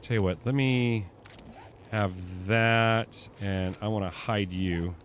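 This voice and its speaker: The young streamer swears and panics through a live survival game, chatting with viewers as faint game music plays. He speaks slowly in a fairly low voice, and a little hiss or hum runs through the recording.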